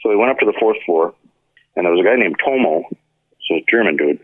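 A man's voice: deep voice, fast, no echo. A man telling stories as an interview guest, acting out the voices of people in his stories. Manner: animated storyteller who acts out quoted dialogue. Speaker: guest, effects pedal maker. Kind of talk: casual storytelling interview. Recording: tinny phone-line sound.

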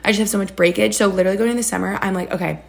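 A chatty woman in her thirties hosts her own podcast, talking in a bubbly, gushing rush with lots of fillers and exclamations. Her voice sits mid-range with a gravelly, fry-laden edge at the ends of phrases. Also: medium pitch, steady tone, rapid-fire. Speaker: podcast host. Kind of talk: casual chat.

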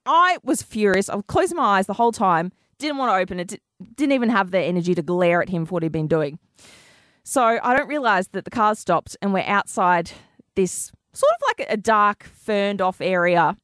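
A woman co-hosting a breakfast radio show, telling a story with lively acted-out dialogue. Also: mid-range voice, a little fast, no room sound, studio quality. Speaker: radio co-host.

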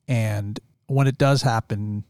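A male podcast host asking slow, measured interview questions. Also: on the low side, steady tone, a little mellow, no room sound, studio quality.

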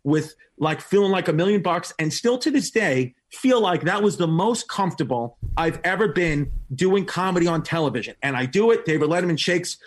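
A man, a comedian telling a story in an animated way, laughing often. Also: brisk, hardly any pauses. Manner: animated storyteller, laughs often and jumps up in pitch for quoted voices. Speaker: guest comedian. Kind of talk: storytelling in casual podcast chat.

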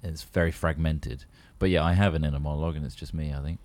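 Deep-voiced male podcast co-host, dry wit. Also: steady tone, fast talker, darkish tone. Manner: dry, jokey asides. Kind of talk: casual chat.

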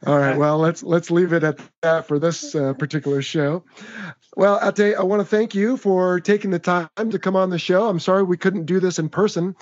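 An American man hosts a podcast in an easy, chatty manner. His voice sits a little high for a man and carries an upbeat, rambling energy. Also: fairly even intonation, moderate pace, dull audio. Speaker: podcast host. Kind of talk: casual podcast talk.

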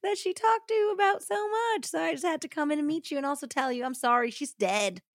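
A woman's voice: sits high, slow, pitched above the performer's own voice. A woman voicing a gushing woman who pretends to meet her old coworkers for the first time, overly sweet and sincere.

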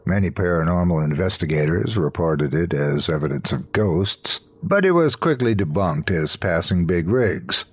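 Casting: deep, husky-voiced man narrating horror, slow and lively in pitch. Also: no room sound. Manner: slow, low and hushed storytelling. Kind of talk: scripted horror story narration.

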